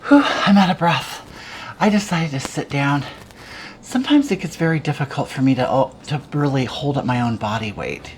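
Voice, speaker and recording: Woman playing a low, swooping, theatrical home cook. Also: expressive, brisk, a little mellow, slight background noise. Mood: chatty. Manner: theatrical, rambling, swooping sing-song emphasis. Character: dramatic self-styled glamorous home cook woman. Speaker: cooking show host. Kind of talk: comedic cooking show.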